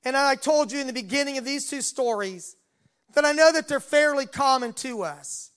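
A man's voice: very high voice, normal speed, a bit bright. A man preaching a sermon and retelling a Bible story, voicing its dialogue along the way.

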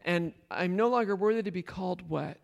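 A man's voice: high voice, brisk, vocal fry, lo-fi sound. A man leading a Bible study, retelling a story and questioning his listeners, laughing often. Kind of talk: interactive Bible teaching.

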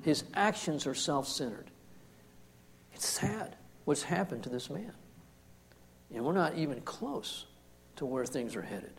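A man preaching a sermon, commenting on scripture in an emphatic way that swings from hushed to forceful. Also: a little high, very animated, measured pace, vocal fry, long pauses, slight background noise. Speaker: pastor.

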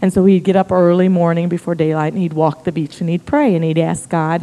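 A middle-aged American woman, a missionary, telling a story in a sermon with humor and a conversational, animated manner. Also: lowish voice, brisk. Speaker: missionary guest speaker. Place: church sanctuary. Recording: reverberant church hall.

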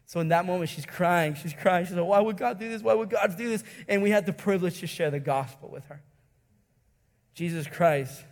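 A man preaching a sermon, telling a story with emotional swings between soft lows and loud highs, often repeating words. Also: long reverb tail. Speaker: pastor. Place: church hall.

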